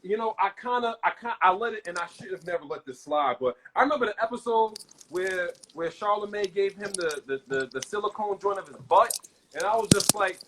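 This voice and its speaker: A man's voice: high voice, brisk, background noise. Loose, rambling male podcast host. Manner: loose, rambling, many restarts and fillers. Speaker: show host. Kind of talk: casual podcast talk.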